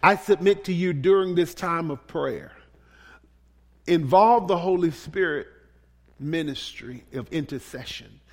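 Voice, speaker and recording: A man preaching a sermon as a pastor, pleading and impassioned, dropping to a hush and then rising to shouts. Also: a little high, measured pace. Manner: impassioned, pleading, swinging between hushed and shouted. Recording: long reverb of a large hall.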